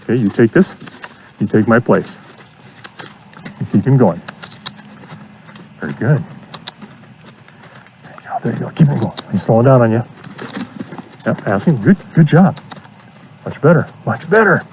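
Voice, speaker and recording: A man coaching a student through horse training outdoors, giving steady encouragement and repeating his praise. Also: mid-range voice, measured pace, pauses often, background noise. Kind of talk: hands-on coaching.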